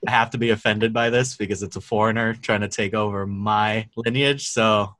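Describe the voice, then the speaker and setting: Bright-voiced man joking at a tabletop game. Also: on the low side, steady tone, normal speed. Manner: casual, filler-heavy banter. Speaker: tabletop player.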